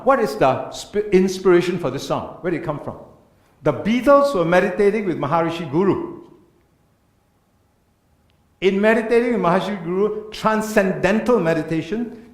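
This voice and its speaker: A man delivers an earnest church talk with a lively, swinging pitch and frequent rhetorical questions. His voice sits a little high for a man. The sound carries the echo of a roomy church hall. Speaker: speaker. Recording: echoey church room.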